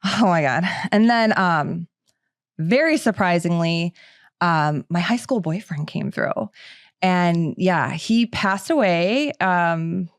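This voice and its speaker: A woman's voice: fairly low pitch, expressive, slow, dry recording, studio quality. A middle-aged woman hosting a podcast, talking in a chatty, casual way with lots of filler words. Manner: chatty, filler-heavy with frequent "like". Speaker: podcast host.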